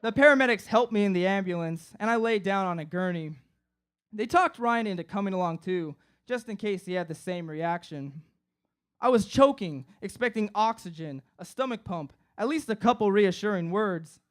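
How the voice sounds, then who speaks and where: A man's voice: sits high, lively intonation, moderate pace, clear, resonant tone. A young man performing a comic personal story live on stage, acting out his friends' voices. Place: live stage before an audience.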